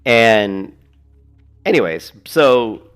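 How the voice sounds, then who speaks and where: A man's voice: medium pitch, very animated, very slow, a bit bright, smooth, soft background music. A man chatting casually while playing a game, rambling, laughing often and swearing now and then. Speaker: gaming streamer. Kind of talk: casual gameplay commentary.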